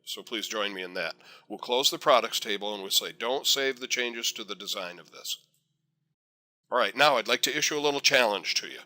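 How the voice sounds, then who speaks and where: A man teaching a software tutorial over a screen recording, chatty and encouraging with folksy asides. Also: lowish voice, brisk. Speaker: software instructor.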